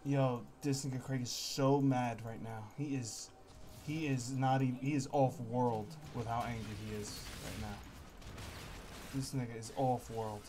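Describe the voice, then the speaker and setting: A man's voice: mid-range voice, steady tone, a little slow, background noise. A male streamer in casual live-stream chat, breathless and laughing hard between his words. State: laughing to tears.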